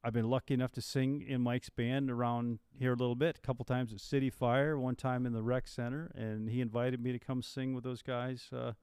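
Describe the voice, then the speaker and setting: A man's voice: medium pitch, flat delivery, a little fast, few pauses, a little mellow, clear, resonant tone, dry recording. A man co-hosting a live podcast, chatting casually and upbeat while promoting local shows. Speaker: podcast co-host.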